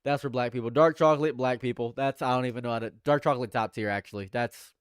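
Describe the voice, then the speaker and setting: A young man doing live reaction commentary, jumping between loud exclamations and low repeated mutters while bantering with his chat. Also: quick pace, hardly any pauses, clean tone, no room sound, clean studio sound. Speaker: livestream commentator.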